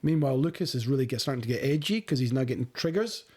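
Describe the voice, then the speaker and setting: A man's voice: medium pitch, animated, quick pace, mellow, husky. A man co-hosting a casual film-review podcast, eagerly retelling the plot with stumbling restarts. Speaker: podcast co-host.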